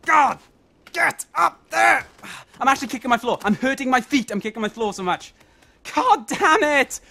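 A man's voice: extremely high pitch, big pitch swings, unhurried, gravelly, bright, forceful tone. A young man doing let's play commentary, frustrated, swearing constantly and talking to himself at his computer at home.

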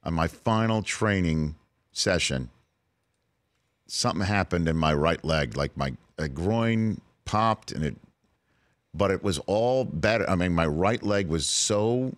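A man in his late forties with a very low, deep voice, recounting a personal story on a sports talk show. He speaks earnestly and grows emotional at times. The studio sound is dry and close. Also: lively intonation, measured pace, dry recording. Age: 40s. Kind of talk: casual chat. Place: radio studio.

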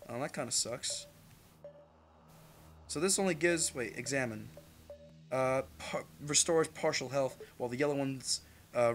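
Bright-voiced young man rambling over gameplay. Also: on the high side. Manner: rambling, swears a lot, jumps to loud outbursts. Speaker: gaming channel host. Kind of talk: casual gameplay commentary.

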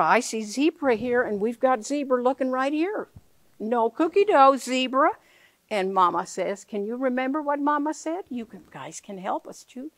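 A woman's voice: high-pitched, lively intonation, moderate pace, no room sound. A woman reading a picture book aloud to children, playful and full of questions for her listeners.

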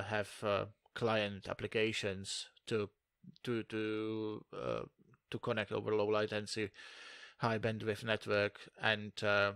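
A man co-hosting a podcast, thinking aloud about tech in a halting way with many fillers. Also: on the low side, fairly bright tone, smooth, no room sound, clean studio sound. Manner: halting, lots of uh and restarts. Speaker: podcast co-host. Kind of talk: casual tech chat.

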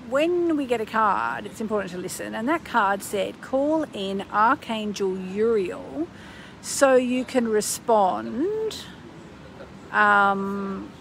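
A woman's voice: mid-range voice, gravelly, a bit bright, a little hiss or hum, poor audio. A woman astrologer chatting on a live stream, rambling with many ums and breaking into bursts of gushing enthusiasm, recorded on a phone. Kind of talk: casual live-stream chat.

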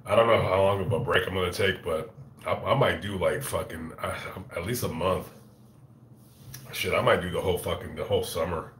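A man with a very low voice rambles through a casual livestream chat, swearing freely and stumbling into restarts as he goes. He talks into a phone in an echoey room. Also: fairly bright tone, a little hiss or hum. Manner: profane, halting, with frequent restarts. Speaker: channel host on a livestream.

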